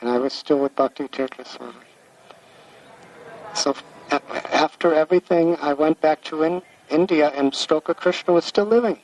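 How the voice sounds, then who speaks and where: A man in his sixties from the United States, a spiritual teacher telling a devotional story in a gentle, halting way, often repeating words as he recalls. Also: on the high side. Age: 60s. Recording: distant mic with faint background hiss.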